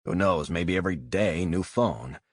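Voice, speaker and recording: Male reader as a tough, profane operative, low and husky. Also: moderate pace, no echo, clean studio sound. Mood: forceful. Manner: forceful, profane, blunt. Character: blunt, hot-headed male operative.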